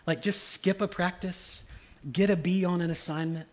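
A man's voice: sits high, normal speed. A middle-aged man preaching a casual, conversational sermon, acting out the voices of people in his stories. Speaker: pastor.

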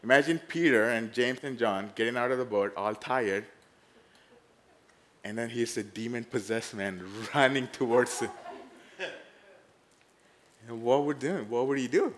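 A man preaches a sermon, his voice sitting in an ordinary middle pitch. He is animated, rising loud for the dramatic moments and dropping to hushed tones for the tender ones. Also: a little slow, pauses often, slight background noise.

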